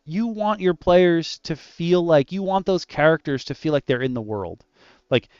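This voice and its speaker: A man chatting casually about running tabletop adventures, animated and loose, with lots of "like" in his talk. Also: fairly high pitch, clean tone, no echo, highs cut off. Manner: animated and loose, heavy use of "like". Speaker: dungeon master discussing adventure design. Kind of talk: casual roundtable chat.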